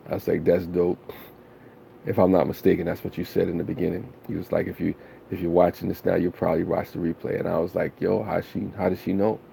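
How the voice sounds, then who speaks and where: A man's voice: low-pitched, vocal fry, dark tone, slight background noise. A man chatting casually with viewers on a live stream, laid-back and slangy, rambling with lots of fillers.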